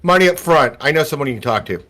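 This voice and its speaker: A man's voice: on the high side, expressive, fast, fairly bright tone, slight background noise, pitched above the performer's own voice. A game master voicing a cocky young male street kid hustler in a tabletop game, brash and bossy.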